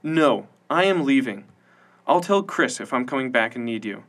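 A man's voice: medium pitch, animated, moderate pace, fairly bright tone. A man voicing a stubborn, restless young woman reporter who talks in a tense, clipped way.

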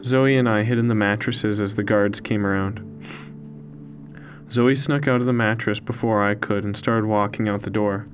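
A man narrating a story in the first person, in a slow, solemn, hushed way. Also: lowish voice, steady tone. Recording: faint music underneath.

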